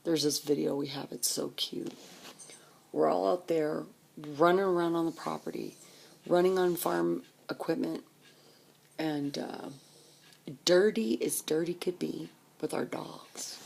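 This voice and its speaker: Low, gravelly woman telling her life story. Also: measured pace. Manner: animated, reminiscing, acts out voices. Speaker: storyteller recalling her childhood. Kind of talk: personal storytelling.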